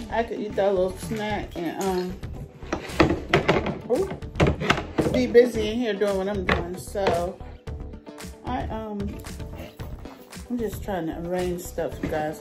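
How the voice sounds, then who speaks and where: A woman from New Jersey vlogging in a casual, animated way, telling stories and playfully acting out conversations. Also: mid-range voice, poor audio. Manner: chatty, animated storytelling with playful put-on voices. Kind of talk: casual vlog chat.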